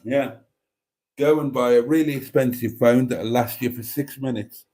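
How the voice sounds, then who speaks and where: A man's voice: mid-range voice, steady tone, moderate pace, mellow. A man hosting a livestream, casually reading viewer comments aloud in a chatty, amused way. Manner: chatty, amused, laughs often. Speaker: livestream host.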